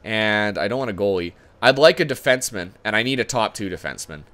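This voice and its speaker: A man's voice: lowish voice, animated, fast, a bit bright. A man giving casual commentary on a sports management game, chatty and thinking aloud, often correcting himself as he goes. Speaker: gaming YouTuber.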